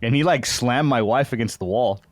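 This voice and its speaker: A man's voice: medium pitch, fairly quick, dry recording. Chatty man telling a story, dry close mic. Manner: acts out the other people in his story with shifting voices; rambling, says "like" a lot. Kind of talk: casual storytelling.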